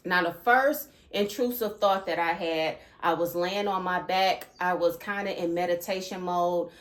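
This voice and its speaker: A woman's voice: on the low side, unhurried. A woman hosting her own channel, talking earnestly about spiritual experiences and often checking in with listeners by asking "okay?". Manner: animated and emphatic when recounting disturbing thoughts. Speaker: channel host. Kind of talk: earnest spiritual vlog talk.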